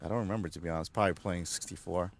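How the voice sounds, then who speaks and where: A deep-voiced man with vocal fry talks very fast while streaming and gaming, rambling casually and laughing often. He slips into goofy voices when retelling scenes.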